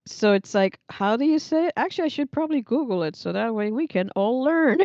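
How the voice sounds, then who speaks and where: A woman's voice: on the high side, lively intonation, brisk, darkish tone, dry recording, dull audio. A young woman hosting a casual livestream, reading out chat and rambling cheerfully with frequent laughs. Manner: chatty, rambling, laughs often.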